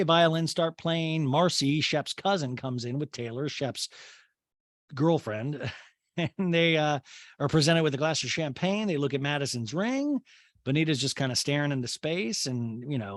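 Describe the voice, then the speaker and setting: A man's voice: fairly high pitch, animated, fairly bright tone, dry recording, clean studio sound. Chatty, sarcastic man recapping TV. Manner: chatty and sarcastic, jumping into quick voices and asides. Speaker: podcast host recapping a reality show. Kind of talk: casual comedic recap commentary.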